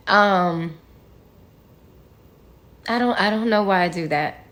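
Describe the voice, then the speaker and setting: A woman's voice: medium pitch, takes it slowly, long pauses, a bit bright. A woman telling her own story to viewers in a candid, frank way, sometimes swearing, with conversational fillers. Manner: frank and profane, talks straight to viewers.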